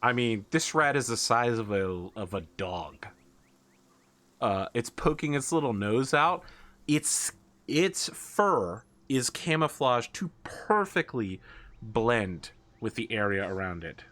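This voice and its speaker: A man running a tabletop roleplaying game, describing scenes and calling for dice rolls. His voice is bright and mid-pitched, and he teases the players in a playful way. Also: expressive, slow. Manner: playful, teasing. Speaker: game master.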